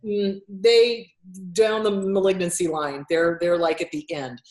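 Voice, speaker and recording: A woman's voice: on the low side, flat delivery, a little slow, a little mellow, roomy sound. A woman therapist in casual interview talk, blunt and swearing freely, acting out quotes as she explains. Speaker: therapist and author.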